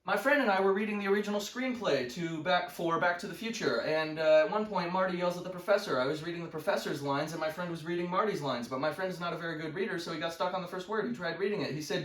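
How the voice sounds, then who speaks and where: A man doing deliberately crude stand-up bits with brash, deadpan self-praise, recorded indoors. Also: sits high. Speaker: amateur comedian. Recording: echoey room, from far off.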